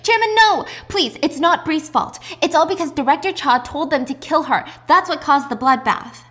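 A desperate young intern, played by a woman storyteller pleads high and loud. Her words rush out urgently. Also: animated, normal speed. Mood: pleading.

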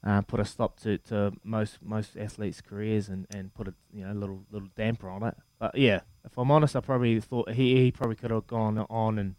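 Animated man telling stories. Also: lowish voice, fairly quick, few pauses, no room sound. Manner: animated storyteller, many repeats and "mate". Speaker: former rugby player, podcast co-host. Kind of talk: casual podcast chat.

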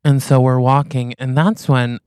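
A man's voice: medium pitch, normal speed, clear, resonant tone, no echo. Man spinning a comedy story, dry sound. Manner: animated, acts out quoted lines in the story. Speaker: podcast co-host.

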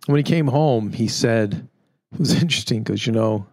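A man's voice: medium pitch, normal speed, a little mellow, no room sound, clean studio sound. A middle-aged man co-hosting a chat show, rambling and joking at his own expense. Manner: rambling, self-mocking, jokey. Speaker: podcast co-host. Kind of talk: casual chat.

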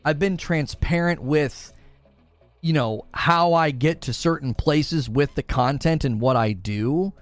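A man's voice: on the high side, unhurried, no echo, faint music behind. A man hosting a casual gaming livestream, talking through examples and acting out imagined quotes.

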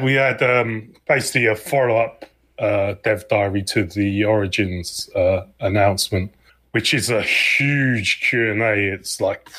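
A man co-hosting a gaming podcast in a casual chat, speaking in an easygoing, halting way with frequent ums. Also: medium pitch, fairly bright tone. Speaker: podcast co-host.

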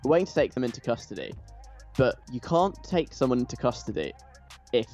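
A man's voice: medium pitch, a little fast, soft background music. Chatty man, gushing. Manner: animated, gushing, with frequent restarts. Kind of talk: casual enthusiastic chat.

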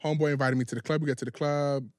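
A man's voice: a little high, fairly even intonation, very fast, no echo, clean studio sound. A man co-hosting a podcast, telling stories in casual chat with a sassy, profane manner. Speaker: podcast co-host.

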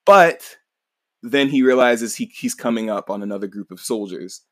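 A man's voice: mid-range voice, moderate pace, no room sound. A man hosting a podcast, casually recapping a manga in a rambling, laid-back way, swearing and laughing along. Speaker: podcast host.

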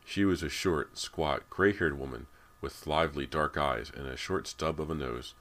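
A man with an extremely deep voice narrates a horror audiobook. His reading is measured and deliberate with an even pace, slowing at the tense moments.

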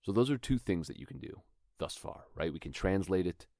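A man with a very low, deep voice talks through acting technique in a relaxed, thoughtful way. He sounds like a podcast host teaching his listeners, and now and then he reads a line aloud as an example. The sound is dry and close, with no room around it. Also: a little fast, dry recording. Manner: thoughtful, conversational, demonstrates lines aloud. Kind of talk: instructional talk.

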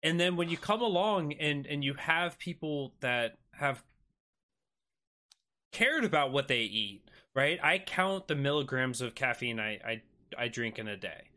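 A man from the Southern United States chatting casually as a podcast host, animated and acting out quotes. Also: mid-range voice, unhurried. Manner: animated storyteller, acts out quotes. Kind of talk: casual chat.

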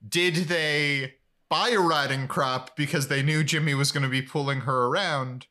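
A young man co-hosting a podcast, chatting casually in a playful, animated way. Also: a little high. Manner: animated, playful, quick to joke. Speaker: podcast co-host. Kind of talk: casual chat.

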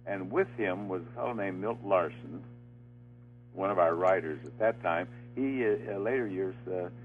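Older man, former game show host, low voice, halting storyteller, heard over a tinny phone line with faint music. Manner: halting anecdote full of uh fillers, laughing as he tells it. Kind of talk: storytelling in an interview.

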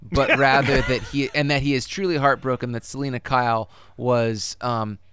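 Smooth-voiced man with wry sarcasm. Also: medium pitch, fairly even intonation, moderate pace, fairly bright tone, dry recording. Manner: wry, crude, sarcastic jokes. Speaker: podcast co-host. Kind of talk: casual movie review chat.

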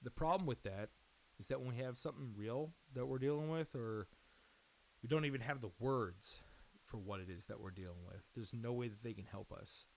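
A man's voice: medium pitch, a little fast, vocal fry, rough recording. A man reading a scripted announcement before his podcast, earnest and caring in tone. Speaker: podcast host.

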